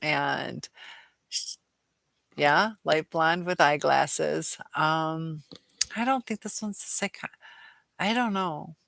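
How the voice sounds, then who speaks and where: Woman, tired live-stream host, reads chat comments, halting with fillers, gravelly voice, dry close sound. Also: deep voice, fairly bright tone, dry recording. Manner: hesitant, many fillers and restarts. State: tired and dizzy.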